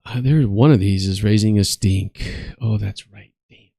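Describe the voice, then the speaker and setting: A man's voice: fairly low pitch, a little slow, vocal fry, mellow, dry recording, studio quality. A man giving casual, rambling commentary while playing a game, swearing offhandedly. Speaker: gaming streamer and commentator.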